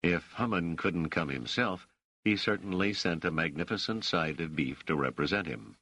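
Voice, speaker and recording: A man doing an indignant mathematician, deep and gravelly. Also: normal speed, pushed and bright, no room sound, full character voice. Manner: angry, clipped.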